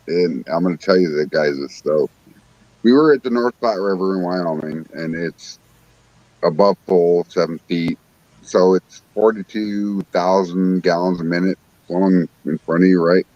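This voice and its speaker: A man's voice: low voice, no echo, muffled recording. A man telling casual fishing stories as a guest, enthusiastic and swearing freely. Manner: enthusiastic, profane, animated storyteller. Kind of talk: casual chat, storytelling.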